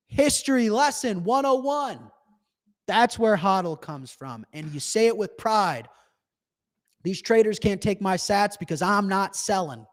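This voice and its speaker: A young man hosting a live show, talking in a casual, animated and profane way. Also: high voice, a little slow. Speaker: livestream host.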